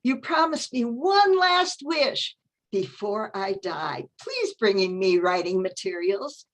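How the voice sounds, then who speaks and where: A calm, clever young wife in a folktale, voiced by a woman storyteller. Her delivery is composed, with a lively pitch and a breathy touch. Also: slow, full character voice.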